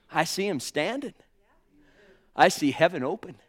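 A man preaching a sermon with fervor, swinging between hushed tones and ringing exclamations and calling his listeners brothers and sisters. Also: on the high side, animated, measured pace, long pauses. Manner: addresses the congregation as brothers and sisters.

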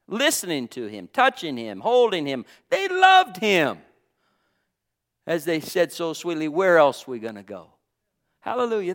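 A man preaching a fervent sermon in a rhythmic, repetitive cadence, peppering his lines with praise and swinging from loud declarations to hushed, near-whispered words. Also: high voice.

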